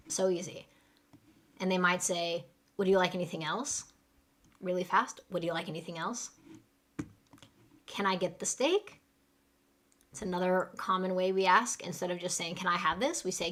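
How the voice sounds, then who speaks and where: A woman with an American accent teaching English phrases in a live online lesson, saying each phrase slowly and then fast for students to repeat. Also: on the low side, fairly bright tone.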